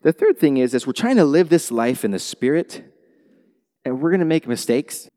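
Animated male pastor in an echoing hall. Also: a little high, moderate pace. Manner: animated, swings from quiet to loud exclamations. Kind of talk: sermon. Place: church sanctuary. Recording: long hall reverb.

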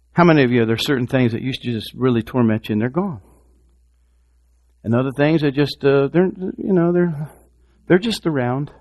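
A man preaching a sermon, swinging from hushed, repeated words to loud, impassioned exhortation. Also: medium pitch. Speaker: pastor.

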